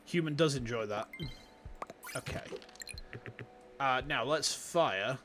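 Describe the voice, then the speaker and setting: A man with a Yorkshire accent, chatting casually and excitably while livestreaming a game, swearing freely and greeting his chat. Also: mid-range voice, takes it slowly, slight background noise. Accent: Yorkshire English. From Yorkshire, England. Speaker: streamer. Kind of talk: casual gaming livestream commentary. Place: warm room at home with fans running.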